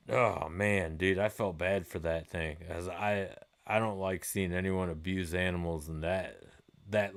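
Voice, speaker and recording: This is a gaming live stream hosted by a man in his forties whose voice is low. His chat with viewers is relaxed and meandering, with plenty of swearing.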